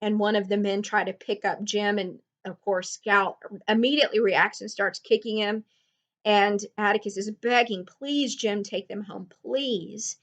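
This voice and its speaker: A woman walks her students through the chapters of a novel in a relaxed, conversational way. She leans on fillers and restarts her sentences as she goes. Her pitch sits at an ordinary middle height for a woman. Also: moderate pace. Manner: conversational, recaps with frequent fillers.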